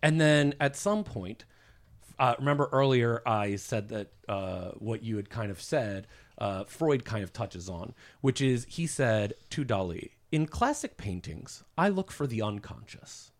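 A man's voice: medium pitch, lively intonation, unhurried. A man telling an art history story on a casual podcast, rambling with many fillers and restarts. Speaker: podcast guest explaining history. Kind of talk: casual chat.

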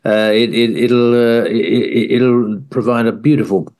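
A man impersonating a slow, earnest older male gardener, halting over his words. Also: medium pitch, fairly even intonation, a little mellow, close to an everyday voice. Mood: dreamy.

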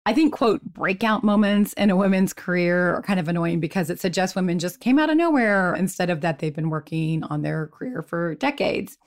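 Woman interviewer, slightly low pitch, engaged and responsive. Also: brisk, hardly any pauses. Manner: engaged, reacting with short interjections.

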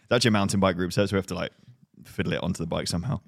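A man's voice: low-pitched, rapid-fire, gravelly, dry recording, studio quality. A man co-hosting a cycling podcast in casual chat, joking and giggling. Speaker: podcast co-host.

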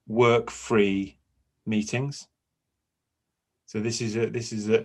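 Husky low-voiced man, thoughtful. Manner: thoughtful, musing, hesitant. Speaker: podcast co-host and agile coach. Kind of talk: casual chat. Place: home.

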